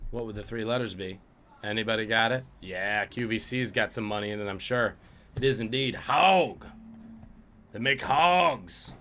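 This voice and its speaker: A man's voice: on the low side, sharp tone, slight background noise. Jokey man hosting a streamed trivia quiz. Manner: jokey, reads out questions and chat guesses. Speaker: trivia host.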